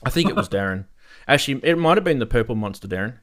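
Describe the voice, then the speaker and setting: A man's voice: medium pitch, very animated, racing, slight background noise. A man hosting a live synthesizer stream, chatting casually and laughing often as he greets viewers in the chat. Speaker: host of a live synthesizer show.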